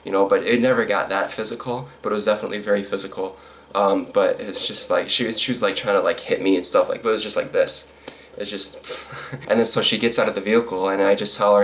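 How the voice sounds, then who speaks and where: A man's voice: on the low side, flat delivery, quick pace, a bit bright, slight background noise. A man telling a storytime vlog, rambling with lots of fillers and restarts, with a sarcastic edge. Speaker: vlogger.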